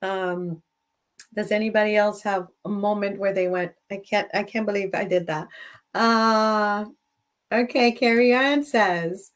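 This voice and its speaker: A woman's voice: mid-range voice, fairly even intonation, measured pace. A middle-aged woman hosting a live show, chatting with viewers and telling stories, switching between English and Spanish as she laughs along. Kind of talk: casual bilingual live-stream chat.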